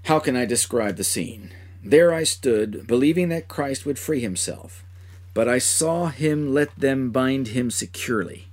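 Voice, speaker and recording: A man playing a remorseful betrayer in a dramatic first-person monologue, speaking with a husky voice and crying out in anguish. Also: medium pitch, unhurried, lightly acted. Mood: anxious. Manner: impassioned, cries out in anguish. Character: remorseful man who betrayed his master.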